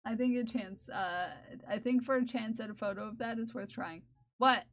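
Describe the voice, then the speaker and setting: A woman with a high, light voice hosts a casual live stream from home. She chats loosely with her viewers and playfully scolds them. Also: normal speed. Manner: chatty, playfully scolding chat. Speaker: livestream host.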